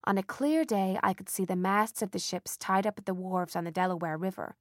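A woman reading a first-person story aloud as an audiobook narrator, with lively, expressive emphasis. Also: medium pitch, fairly quick, dry recording, clean studio sound.

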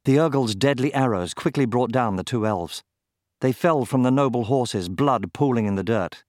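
A man narrating a fantasy audiobook in a measured, steady storytelling manner. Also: medium pitch, no echo, studio quality.

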